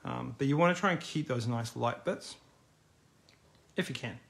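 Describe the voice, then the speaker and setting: A man's voice: mid-range voice, moderate pace, vocal fry, fairly bright tone. A middle-aged man teaching a live online drawing class in a casual, encouraging, chatty way. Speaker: art teacher.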